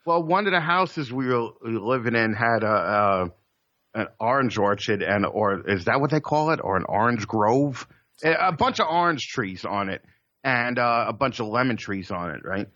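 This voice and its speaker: A man's voice: medium pitch, moderate pace, bright, forceful tone, dry recording. A man tells rambling, profane stories in easy conversation, often stammering and starting over. The recording is dull and lo-fi with a dry sound. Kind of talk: casual chat.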